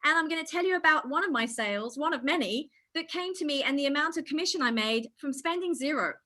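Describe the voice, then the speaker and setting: A middle-aged woman real estate agent giving an energetic online training session, speaking straight to her audience. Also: sits high, fast. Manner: energetic, enthusiastic, addresses audience directly.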